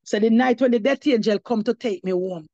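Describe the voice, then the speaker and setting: A woman's voice: fairly high pitch, fairly quick, mellow, no echo, dull audio. A woman giving her testimony as an apostle, preaching to a congregation and slipping between English and patois, rising to emphatic cries of praise.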